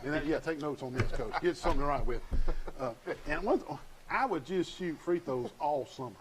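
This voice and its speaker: A man's voice: fairly high pitch, lively intonation, moderate pace, slight background noise, low-quality recording. A man hosting a local sports chat, folksy and teasing, asking the coach questions. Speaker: sports show host. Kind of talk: casual interview chat.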